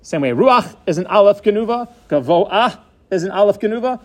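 A man with a high-pitched voice gives a patient spoken lesson. He goes over the same points several times, slowing to spell out letters and sounds one at a time. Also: expressive. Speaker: Torah teacher. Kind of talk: lecture on Hebrew pronunciation.

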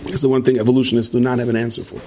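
Chatty rabbi. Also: male voice, medium pitch, flat delivery, very fast, darkish tone, slight background noise. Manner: meandering, asks "right?" often, many restarts. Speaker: rabbi giving a talk. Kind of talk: sermon to a live audience.

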